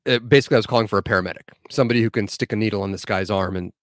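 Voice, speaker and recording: A man guesting on a podcast as a medic, telling a story in casual, animated chat with plenty of swearing. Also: fairly low pitch, racing, no room sound, clean studio sound.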